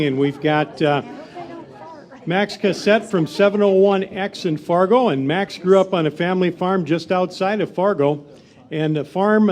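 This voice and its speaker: A man serves as emcee and reads a formal introduction of the next speaker at a steady pace. His voice sits high for a man. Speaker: event emcee.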